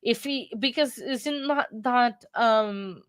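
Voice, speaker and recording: A woman's voice: a little high, slow, no room sound, studio quality. A woman hosting a casual livestream, talking in a chatty, rambling way with lots of restarts, sleepy and yawning. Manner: rambling, self-interrupting, chatty. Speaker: livestream host. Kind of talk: casual live chat.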